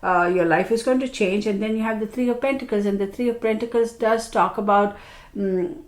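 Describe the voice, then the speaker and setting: A woman's voice: medium pitch, fairly quick, reverberant. A woman reading tarot cards. She sounds tired and congested from allergies, and she talks in a chatty, reassuring way with many fillers. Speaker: tarot reader.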